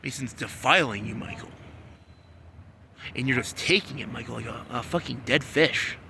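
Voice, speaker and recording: A man in a rambling solo monologue, repeating himself and swinging between low muttering and loud, insistent scolding. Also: normal speed, vocal fry, a little hiss or hum. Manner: repetitive, talks about himself in the third person. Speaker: vlogger.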